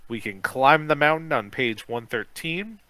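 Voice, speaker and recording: A man, a podcast co-host, reading a kids' adventure book aloud, lively, with joking asides. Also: mid-range voice, measured pace, no echo, rough recording.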